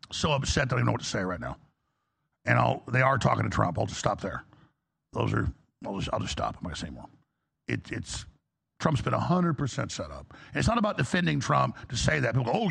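A man's voice: medium pitch, vocal fry, fairly bright tone, slightly rough. A man hosting a call-in talk show, rambling in a conspiratorial way and acting out quotes.

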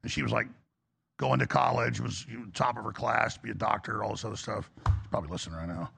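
Gravelly, impassioned talk show host. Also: male voice, fairly low pitch, fairly even intonation, fast talker, a bit bright. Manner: rambling, impassioned, rising to preaching. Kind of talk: confessional monologue.

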